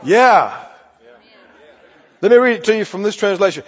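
A male preacher delivering a call-and-response sermon, with folksy phrasing and shouts on key lines. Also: high-pitched, lively intonation, moderate pace, pauses often, husky. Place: church sanctuary. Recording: lo-fi hall recording. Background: congregation responding.

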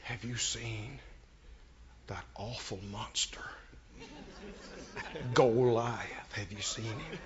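A preacher doing frightened whispering soldiers. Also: male voice, on the low side, steady tone, drawn-out words, long pauses, dull audio, a crowd in the background, pitched below the performer's own voice. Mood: fearful. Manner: hushed whisper.

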